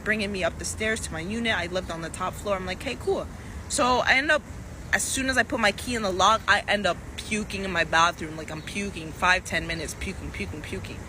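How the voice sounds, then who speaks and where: A woman's voice: medium pitch, sharp tone. A young woman telling a storytime for social media. She talks casually and slangily, with lots of fillers and repeated phrases. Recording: noisy outdoor phone clip with traffic.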